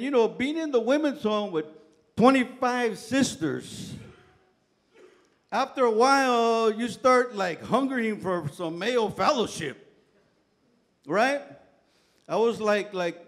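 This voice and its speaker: Middle-aged male pastor with a high voice, preaching through loose, chatty personal anecdotes. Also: animated, measured pace. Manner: casual, colloquial storytelling with frequent "man" and "right?". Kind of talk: sermon with humorous personal stories. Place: church sanctuary.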